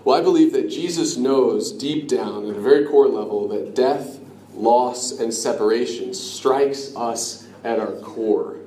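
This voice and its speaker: A man preaching a sermon in an earnest, conversational way, dropping to a hush on key lines. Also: mid-range voice, a little slow. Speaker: pastor. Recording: echoey room with faint ambient noise.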